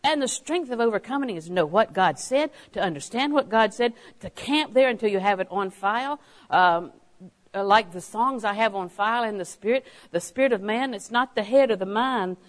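A woman's voice: medium pitch, expressive, moderate pace, rough recording. A woman preaching a sermon, stressing key phrases by repeating them and telling anecdotes with a chuckle.

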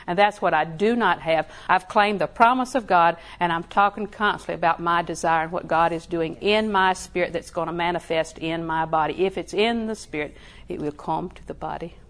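A woman's voice: on the low side, normal speed, hardly any pauses. Folksy woman preaching. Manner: folksy, laughing, repeats phrases softly. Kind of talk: sermon.

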